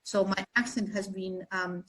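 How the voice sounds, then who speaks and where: A woman's voice: mid-range voice, steady tone, unhurried, low-quality recording. A woman from Argentina answering interview questions in a thoughtful, hesitant way. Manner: thoughtful, hesitant, many fillers and restarts. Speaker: guest, chamber of commerce chief executive.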